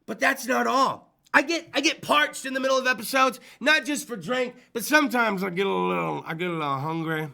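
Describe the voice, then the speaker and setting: A sharp-toned man with vocal fry hosts a loose live call-in show from a small studio. He rambles with hype, swears a lot, and now and then puts on goofy low voices.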